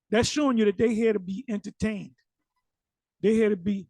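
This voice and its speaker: A man talks through a video in loose, emphatic commentary, repeating words and leaning on slang. His voice sits high yet sounds dark and husky, with a gravelly edge. The recording is dry, with no room sound. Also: moderate pace, dry recording. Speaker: commentator reacting to a sermon video.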